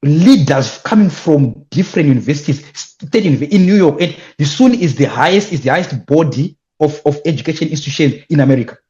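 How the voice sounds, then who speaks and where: A young man with a Zimbabwean accent telling his story as an interview guest, animated and emphatic, repeating words when excited. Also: a little high, a little fast, hardly any pauses, lo-fi sound. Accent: Zimbabwean English. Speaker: guest, youth leadership speaker.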